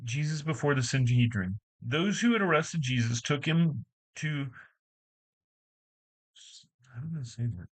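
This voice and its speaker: A man reads scripture aloud in a plain voice of middling pitch. His reading is unpolished, with small stumbles that he goes back to fix before carrying on. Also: expressive, poor audio. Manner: halting reading with frequent stumbles and self-corrections. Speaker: Bible reader.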